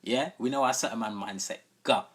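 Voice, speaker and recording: A man's voice: mid-range voice, fairly quick, a bit bright, breathy edge. A man who hosts a live stream, telling a long story in a casual way and often asking listeners whether they follow him. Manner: conversational, often checking in with listeners. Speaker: sound system host.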